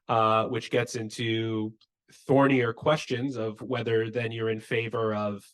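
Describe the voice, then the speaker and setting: Flat-voiced man on a policy panel. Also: fairly low pitch, measured pace. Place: conference room.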